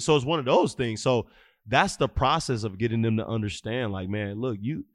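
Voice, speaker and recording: A man's voice: mid-range voice, moderate pace, dry recording, clean studio sound. A man in his thirties, a youth football coach and podcast guest, telling stories animatedly and acting out the dialogue. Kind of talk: casual interview storytelling.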